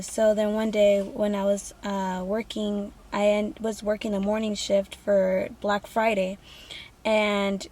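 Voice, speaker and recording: A woman's voice: medium pitch, little pitch movement, measured pace, a little mellow. A young woman in a casual vlog, talking candidly and profanely with many fillers. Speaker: vlogger. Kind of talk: casual get-to-know-me vlog.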